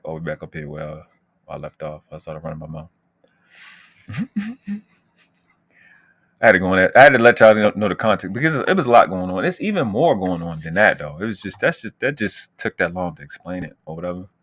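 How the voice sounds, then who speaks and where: Low-voiced guy from the states running his stream, cocky and slangy, dry close sound. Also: sing-song, fairly quick, a bit bright, dry recording. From United States. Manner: brash, boastful, slangy, trash-talking. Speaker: channel host. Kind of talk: casual livestream commentary.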